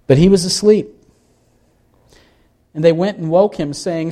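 With a warm voice on the high side, a man preaches at a moderate pace and pauses often. He is a pastor who reads scripture aloud and questions the congregation as he explains it.

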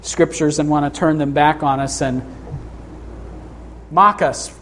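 A middle-aged pastor preaching a sermon to his congregation, his voice a touch higher than most men's. He speaks earnestly, slowing down for scripture and lifting his voice on the key points. A faint hum of room noise sits under him. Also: steady tone, a bit bright. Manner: earnest, rises in pitch for emphasis, reads scripture slowly. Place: church sanctuary.

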